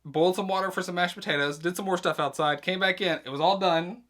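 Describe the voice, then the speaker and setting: A young man hosting his vlog, chatting casually and rambling through a busy day with quick asides. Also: high-pitched, steady tone, a bit bright. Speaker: vlog host, nurse practitioner student. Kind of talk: casual chat.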